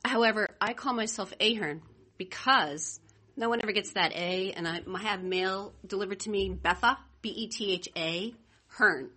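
Woman, advocate at a hearing; bright, husky, chatty and self-mocking. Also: mid-range voice, moderate pace. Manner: chatty, self-deprecating, laughs easily. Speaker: advocate testifying before a committee. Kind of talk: informal testimony at a hearing. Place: legislative committee room.

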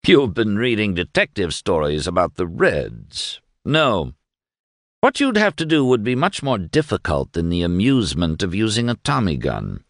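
A man reading a smooth, condescending wealthy revolutionary, talking down with polished suavity in an animated, lively way. The sound is close and dry. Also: lowish voice, moderate pace, no room sound. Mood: suave. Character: suave wealthy male ex-economics teacher and plotter.

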